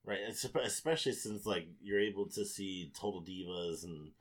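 A man's voice: deep voice, moderate pace, breathy edge. A man co-hosting a podcast, chatting about wrestling in an easygoing way. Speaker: podcast co-host. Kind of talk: casual wrestling chat.

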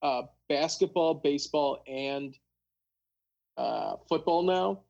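A man's voice: fairly high pitch, slow pace, creaky, a little mellow, muffled recording. A young man chatting casually about football as a podcast co-host, rambling with lots of fillers. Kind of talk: casual sports chat.

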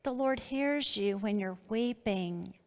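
Brief: woman Bible teacher, unhurried and deliberate, phrases broken by pauses, long reverb. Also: mid-range voice.

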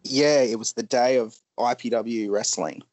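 A man's voice: medium pitch, a little mellow, no echo. Man, emotional storyteller, hesitant delivery, dry close sound. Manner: halting, frequent ums, pauses.

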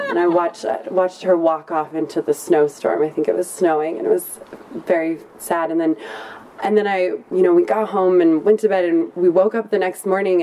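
A woman's voice: fairly low pitch, mellow. Chatty woman telling a playful story. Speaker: storyteller at a live story event. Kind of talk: live personal storytelling, casual and comic.

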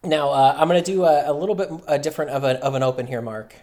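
A man's voice: on the high side, fast talker, a little mellow. A man co-hosting a casual podcast. He rambles loosely, wanders off track and swears freely. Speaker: podcast co-host.

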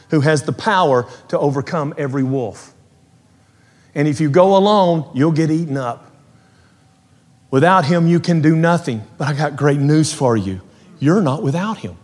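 Male preacher, testimony sermon, moves from hushed to fervent, mid pitch, reverberant hall. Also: moderate pace. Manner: storytelling, swings from hushed to rising fervor.

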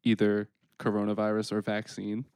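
A man co-hosting a podcast, chiming in with quick dry jokes in casual chat. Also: on the low side, monotone, a little mellow, smooth, no room sound. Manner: quick dry quips, jokey. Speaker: podcast co-host.

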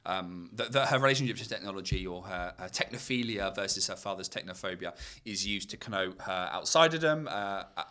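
A man's voice: low-pitched, expressive, brisk, hardly any pauses, bright, forceful tone. A man discussing a film in casual conversation, choosing academic words with hesitant restarts. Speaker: podcast co-host, film critic.

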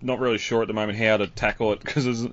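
A man's voice: on the low side, flat delivery, quick pace, a bit bright. A man hosting a podcast in casual chat, laughing often. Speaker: podcast host. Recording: dry, slightly dull audio.

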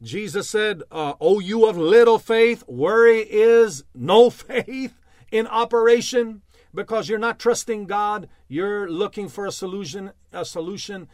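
A man's voice: sits high, measured pace, no room sound, studio quality. A male preacher teaching a sermon, emphatic, with refrains like "amen" and "bless God" and frequent self-amused laughs. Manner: emphatic, laughs at himself, many uh fillers.

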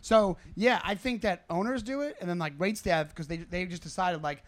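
A male comedian co-hosting a podcast, telling a story in casual chat, animated and swearing freely as he acts out quotes. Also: high voice, moderate pace.

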